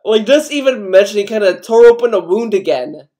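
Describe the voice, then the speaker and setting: A man's voice: high voice, lively intonation, a little fast, mellow, slight background noise. A young man commenting casually on a video, rambling, swearing a lot and putting on mock outrage. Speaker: commentary youtuber.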